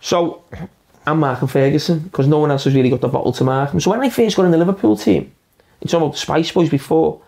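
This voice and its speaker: A man's voice: fairly high pitch, quick pace, creaky, darkish tone. A man, a former centre-back, recounting a match story in a matter-of-fact, self-deprecating way. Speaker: former footballer. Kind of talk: storytelling anecdote.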